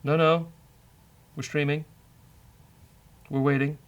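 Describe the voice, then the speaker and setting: A man's voice: fairly high pitch, level tone, slow pace, muffled recording. Joking male developer host. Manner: joking and self-mocking, thinks aloud. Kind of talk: casual live-coding chat.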